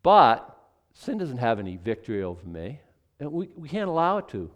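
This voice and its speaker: An older man preaching a sermon in a conversational, animated way, with asides and acted quotes. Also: medium pitch, moderate pace. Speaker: pastor.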